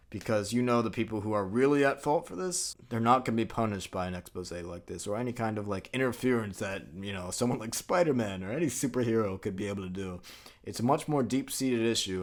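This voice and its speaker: A man hosting a video essay, who narrates in a conversational way with filler words and the occasional swear. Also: fairly low pitch.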